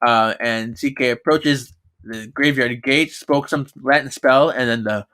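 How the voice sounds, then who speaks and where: A man co-hosting a podcast, recapping a book in casual chat, animated and laughing often as he quotes the characters. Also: mid-range voice. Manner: animated retelling with quick quoted voices and frequent laughs. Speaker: podcast co-host.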